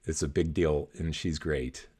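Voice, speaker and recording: A man's voice: a bass voice, steady tone, a little slow, a little mellow, breathy edge. Upbeat, jokey male podcast host. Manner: upbeat, jokey, laughs often. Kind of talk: casual business podcast chat.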